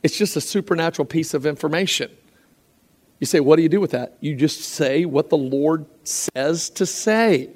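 Animated male preacher telling stories. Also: fairly high pitch, normal speed. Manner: animated storytelling with acted quotes and frequent restarts. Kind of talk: sermon.

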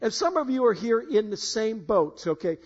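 High-voiced pastor preaching, halting and emphatic. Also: male voice, sing-song. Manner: halting, repeats words, rises to emphatic peaks. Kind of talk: sermon. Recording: muffled lo-fi sound.

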